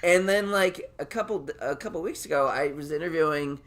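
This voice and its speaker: A man's voice: a little high, brisk, fairly bright tone. A man from Nebraska hosting a casual podcast chat, rambling with lots of fillers, swearing and laughing often. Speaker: podcast host.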